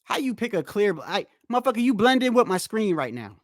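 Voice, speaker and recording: High-voiced with big pitch swings, he talks fairly quickly. He's hosting a live stream, ranting casually and cursing a lot as he bluntly answers chat, in a dry recording with clean studio sound.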